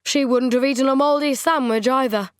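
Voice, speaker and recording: A woman's voice: medium pitch, moderate pace, no echo, clean studio sound, close to an everyday voice. A woman voicing a fussy, petulant middle-aged widower in an audiobook, whining and aggrieved. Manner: whiny, indignant, aggrieved. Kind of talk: audiobook character voice.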